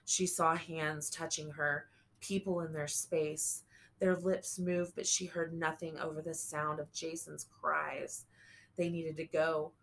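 A woman reading a novel aloud as an audiobook narrator, slow and measured. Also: deep voice, little pitch movement, creaky, a bit bright, a little hiss or hum. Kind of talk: scripted narration.

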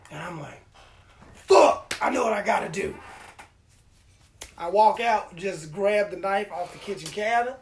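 Animated, profane man with a high voice. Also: normal speed, long pauses, slight background noise. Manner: profane, animated storytelling with acted-out quotes. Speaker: podcast host. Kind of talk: casual storytelling chat.

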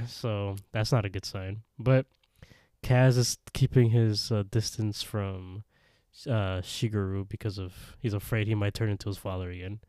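Low, dark-voiced man recapping. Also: measured pace, dry recording, clean studio sound. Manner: animated retelling with quoted voices. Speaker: podcast co-host. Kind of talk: casual episode recap.

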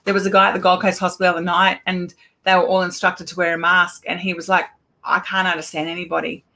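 A middle-aged woman, an Auslan educator giving a casual talk with lively anecdotes and acted-out exchanges. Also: on the low side, fast. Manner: animated storyteller, acts out quoted exchanges.

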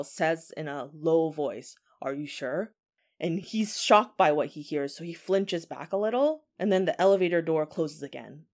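A woman telling a ghost story in a casual, chatty way, often saying 'like'. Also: lowish voice.

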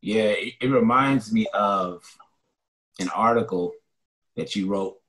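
A man's voice: on the low side, takes it slowly, fairly bright tone. A man hosting an interview podcast, chatting casually in an inquisitive, upbeat, eager way. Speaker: podcast host.

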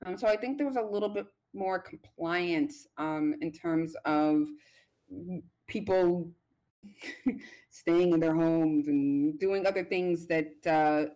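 American woman, lower voice, guest doctor, careful hedging delivery, lots of ums. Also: warm tone. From United States. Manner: measured, hedging with frequent ums. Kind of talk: explanatory interview answers.

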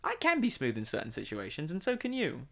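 Young man, podcast co-host, casual chat, lively animated pitch. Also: fast talker, creaky. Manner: animated storyteller, swears casually, laughs a lot.

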